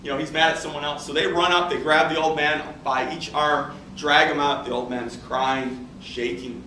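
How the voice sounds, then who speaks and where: A middle-aged man teaching statistics, telling a story in an animated, conversational way. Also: a little high, moderate pace, a little hiss or hum. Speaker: statistics instructor. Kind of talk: classroom lecture with storytelling. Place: classroom. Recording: echoey classroom, distant mic, faint ambience.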